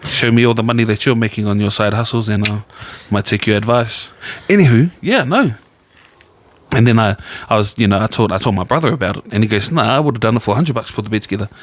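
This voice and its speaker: A man's voice: lowish voice, fast. A man, co-hosting a podcast and telling a long rambling story in casual chat. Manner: rambling anecdotal storyteller, quotes people in his own voice. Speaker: podcast co-host.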